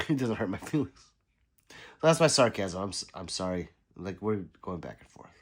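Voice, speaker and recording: A middle-aged man hosts a relaxed livestream, reading comments from the chat and answering them one by one. His voice swings up and down in pitch, and a dry, sarcastic humor runs under it. He sounds a little run down from being sick. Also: normal speed, slightly rough. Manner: reads viewer comments aloud, laughs, sarcastic asides.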